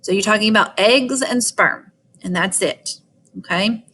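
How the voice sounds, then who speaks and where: A woman with a Southern twang walks students through a lesson at a mid-range pitch. Her delivery is informal and chatty, and she keeps punctuating her explanations with "all right" and "okay.". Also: measured pace, a bit bright. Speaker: teacher. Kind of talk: recorded biology lecture.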